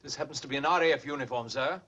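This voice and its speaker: An actor playing a polite, clipped RAF officer in old film audio. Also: male voice, mid-range voice, very fast, bright, forceful tone. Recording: dull film soundtrack audio.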